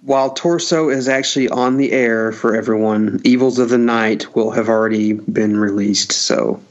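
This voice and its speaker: A man's voice: lowish voice, steady tone, moderate pace. A man co-hosting a podcast, chatting casually and joking around. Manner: playful, jokey. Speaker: podcast co-host. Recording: dull lo-fi sound.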